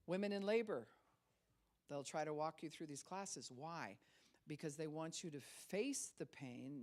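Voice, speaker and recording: A middle-aged woman pastor giving a conversational sermon, acting out quoted voices and laughing now and then. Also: low voice.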